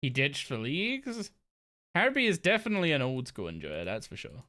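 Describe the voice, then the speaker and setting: Chatty woman streamer with a lively voice. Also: sits low, a little fast. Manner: rambling, chatty, many fillers and restarts. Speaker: game streamer. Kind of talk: casual live-stream chat while gaming. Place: home gaming desk.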